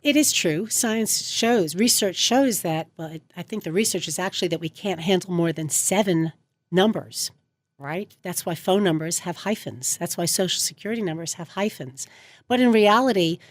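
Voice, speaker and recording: A woman's voice: lowish voice, normal speed. A middle-aged woman from New York, a communication coach answering interview questions in an instructive, organized way. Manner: instructive, organized, lists points.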